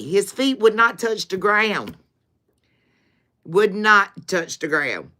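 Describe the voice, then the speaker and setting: A woman's voice: mid-range voice, sharp tone. A woman hosting a casual livestream, chatting about her dogs and laughing often. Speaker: tarot reader, livestream host.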